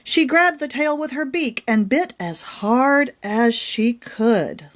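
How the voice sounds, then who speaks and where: Slow, expressive woman reading a children's story. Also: a little high. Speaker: author reading her own children's book. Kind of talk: children's read-aloud.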